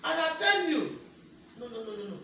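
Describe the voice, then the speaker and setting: A woman's voice: high voice, big pitch swings, a little fast, pushed and bright. A Nigerian mother scolding her daughter in Pidgin-accented English, repeating herself insistently. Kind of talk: angry family scolding. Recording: echoey room, distant mic, faint noise.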